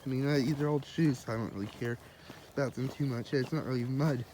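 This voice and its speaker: A man's voice: mid-range voice, steady tone, quick pace, warm tone, a little hiss or hum. A man casually narrating his outdoor walk, rambling and laughing at himself. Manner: rambling, self-amused, talks to himself. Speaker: vlogger. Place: outdoors in wet grass and woods.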